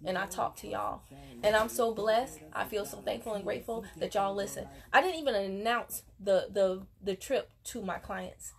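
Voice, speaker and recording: A woman's voice: medium pitch, moderate pace, gravelly. A woman network marketing coach giving an emphatic, preachy motivational talk while unboxing on a casual vlog, recorded on a phone at home. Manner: emphatic, preachy, motivational, addresses viewers as y'all. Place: room at home.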